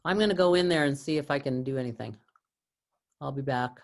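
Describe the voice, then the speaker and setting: Low-voiced woman on a zoom call, walking someone through settings. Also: brisk. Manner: practical, sorting out software problems. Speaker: book study group leader. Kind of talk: casual talk on a video call. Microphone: video call.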